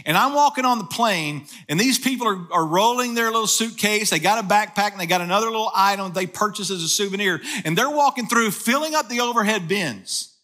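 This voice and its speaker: Animated, bright-voiced male preacher. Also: sits high, fairly quick, few pauses. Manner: storytelling, emphatic repetition. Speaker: pastor. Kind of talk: sermon.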